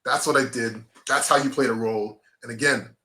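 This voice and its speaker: A man's voice: medium pitch, fairly even intonation, fairly quick, pushed and bright. A man, a motivational speaker and podcast guest, telling personal stories in casual conversation, acting out quoted voices and often saying "man" and "bro". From grew up on an island.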